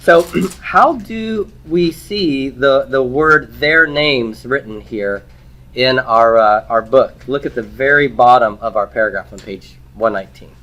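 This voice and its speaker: A man's voice: mid-range voice, measured pace, a bit bright. A man teaching a grammar class in a plain, mid-range voice. He builds each point in small steps, tosses questions to the listener and answers them himself. Short "okay?" and "right?" tags keep checking that the class is following. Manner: explains step by step with frequent "okay?" and "right?" checks. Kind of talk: recorded classroom lecture.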